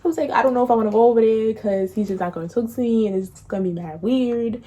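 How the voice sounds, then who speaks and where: A young woman tells a breakup story in casual slang, laughing often and acting out quotes in a higher voice. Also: fast, dark tone. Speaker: vlogger.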